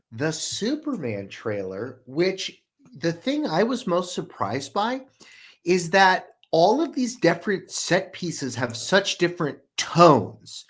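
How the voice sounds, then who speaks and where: A young man co-hosting a podcast, mostly asking questions in a quick, relaxed, casual way. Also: fairly high pitch, breathy edge. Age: young adult. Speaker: podcast co-host.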